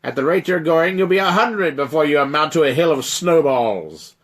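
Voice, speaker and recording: Guy doing a big bossy frost giant, booming, nagging, voice cranked high n loud. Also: expressive, moderate pace. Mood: scolding. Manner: booming, mocking and lecturing. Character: huge scolding male frost giant.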